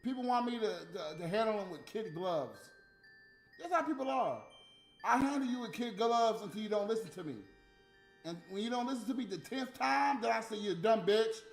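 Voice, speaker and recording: A man's voice: high voice, expressive, brisk, gravelly. A man delivering a heated, profane, scolding rant as a stream host. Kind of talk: profane ranting monologue. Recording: roomy room with faint music.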